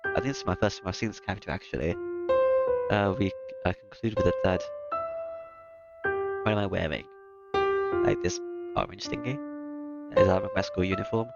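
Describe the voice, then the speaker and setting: A man's voice: low-pitched, steady tone, fairly quick, creaky. A man reading through a visual novel, commenting casually and hesitantly with many fillers. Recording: lo-fi with loud music behind.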